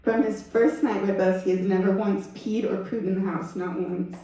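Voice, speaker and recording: Woman telling a lively story at a sunday service, acts out quotes, sounds far off in a big echoey room. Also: mid-range voice, normal speed. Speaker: guest speaker.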